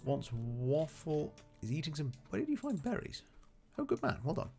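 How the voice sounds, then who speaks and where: Male streamer, low gravelly voice, lively pitch, rambling chatty play-by-play, faint music bed. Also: quick pace. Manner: chatty, rambling, talks to his game characters. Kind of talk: casual live gameplay commentary.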